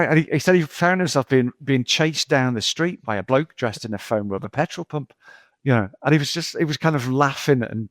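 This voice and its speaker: A man's voice: mid-range voice, a little fast, dry recording. A middle-aged male geologist talking casually as a podcast guest, rambling through anecdotes with lots of repeats and "you know".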